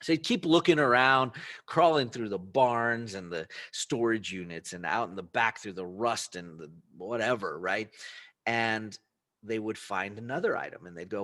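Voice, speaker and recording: A man with a somewhat low voice talks casually to his listeners as a show host. He tells a story in a loose, chatty way. He slips into the voices of buyers and sellers as they haggle. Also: normal speed, no room sound. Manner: animated storytelling, acts out buyer and seller dialogue; frequent fillers and restarts, conversational asides. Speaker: podcast host. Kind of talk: casual solo talk.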